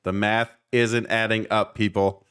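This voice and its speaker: A man co-hosting a podcast, a youth baseball coach who tells stories in an animated, joking way. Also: fairly low pitch, measured pace, clean tone. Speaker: podcast co-host. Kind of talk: casual chat.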